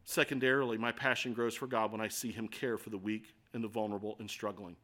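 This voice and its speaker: A man preaching a sermon as pastor, moving from quiet, earnest passages to loud, passionate declarations and acting out quoted voices. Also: on the low side, level tone, fast talker. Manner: acts out quoted voices with rhetorical questions.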